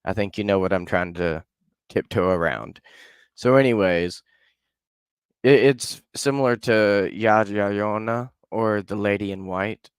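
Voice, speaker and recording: A man tells an old legend in a loose, chatty way, full of fillers and asides. His voice is deep and smooth with a resonant tone. The sound is dry and close, with no room around it. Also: unhurried, no echo. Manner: loose and conversational, hedging with fillers. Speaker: podcast storyteller. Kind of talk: casual storytelling.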